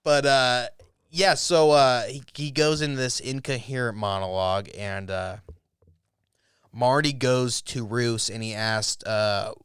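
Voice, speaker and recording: A man co-hosting a podcast, casually retelling TV episodes in a rambling, animated way, with swearing and quoted lines. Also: medium pitch, measured pace, clean tone, no room sound, studio quality. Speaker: podcast co-host. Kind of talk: casual TV review chat.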